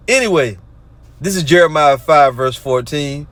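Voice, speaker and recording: A man's voice: on the high side, animated, moderate pace, a bit bright, dry recording. A man, ranting in a casual monologue and reading scripture aloud between mocking remarks. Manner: rants and mocks, reads verses aloud. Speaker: religious group commentator.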